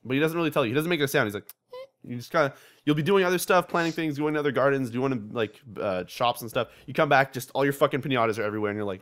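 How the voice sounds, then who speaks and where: A young man hosting a casual gaming podcast, telling animated stories with lots of swearing and laughter. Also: mid-range voice. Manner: fast, animated storytelling with frequent swearing and laughter. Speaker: podcast host.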